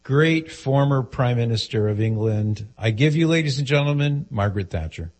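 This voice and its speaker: A man's voice: mid-range voice, expressive, moderate pace, a little mellow. A man hosting a talk radio show, joking and teasing his co-host in casual banter.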